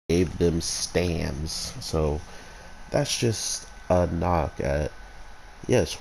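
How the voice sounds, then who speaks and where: Deep gravelly man, rambling review. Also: dark tone, slight background noise, poor audio. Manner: rambling, digressive. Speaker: anime reviewer. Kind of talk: casual spoken review.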